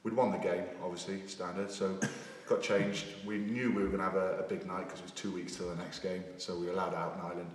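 Low-voiced man telling stories from across a reverberant room. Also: little pitch movement, fast, hardly any pauses, slight background noise. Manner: laid-back, self-mocking storyteller. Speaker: podcast co-host, former rugby player. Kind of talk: casual anecdote telling. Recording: reverberant room, heard from a distance.

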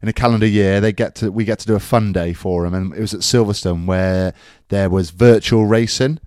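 Easygoing male co-host, low-pitched, deadpan replies, dry close mic. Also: dry recording. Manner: laid-back, dry, unhurried recounting. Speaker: co-host, rugby commentator. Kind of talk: casual podcast banter.

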